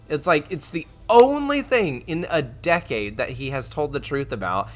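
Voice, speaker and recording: A man's voice: a little high, big pitch swings, unhurried, few pauses, bright, forceful tone. Rambling young man streamer chatting. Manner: rambling, lots of likes and restarts, laughing. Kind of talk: casual chat.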